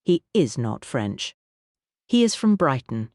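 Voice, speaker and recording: A woman's voice: rumbling low, sing-song, takes it slowly, a little mellow, no room sound, clean studio sound, full character voice. Woman doing a pompous stout manservant. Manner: dramatic, formal, self-satisfied. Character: pompous self-important manservant, male, stout.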